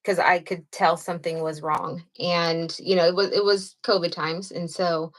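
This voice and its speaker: A woman who is a mother and guest on a live podcast, speaking earnestly with frequent pauses. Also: fairly low pitch, little pitch movement.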